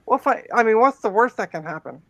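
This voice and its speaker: A woman with a gravelly, fry-edged voice hosts her own stream. She talks casually and wryly with guests on a call. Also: fairly high pitch, animated, fast, dry recording, lo-fi sound. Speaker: streamer and host. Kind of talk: casual chat.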